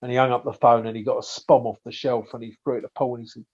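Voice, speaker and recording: A man's voice: mid-range voice, fairly even intonation, quick pace, a little mellow, slightly rough. Chatty English man, dull lo-fi sound. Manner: chatty storyteller, frequent swearing and restarts. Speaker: podcast guest, bait maker. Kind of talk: casual podcast chat.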